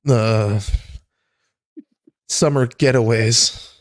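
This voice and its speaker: A man hosting a livestream, chatting about politics in a rambling, halting way with many restarts. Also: mid-range voice, fairly even intonation, a crowd in the background. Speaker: livestream host. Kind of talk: casual political chat.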